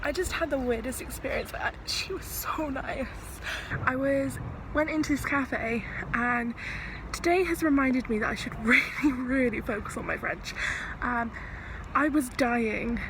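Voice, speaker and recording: Woman, travel vlogger, casual chat, laughs a lot, fairly high voice, walking outside, wind noise. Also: a little slow. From England. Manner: chatty, laughs often while telling stories. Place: outdoors, walking through a windy town. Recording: wind noise on an outdoor camera mic.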